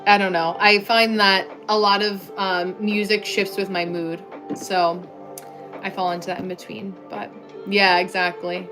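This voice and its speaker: A young American woman hosts a casual livestream on a clip-on mic, reading viewer comments and chatting back with lots of "like" fillers. Her medium-pitched voice stays fairly level and moves a little slowly, with music playing behind her.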